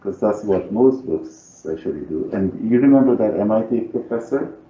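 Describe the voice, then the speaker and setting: A man with a non-native English accent teaches calculus live, his fairly low, dark voice expressive at a moderate pace. He thinks aloud while working and coaxes students to go along with him. The sound is roomy and dull lo-fi, with slight background noise.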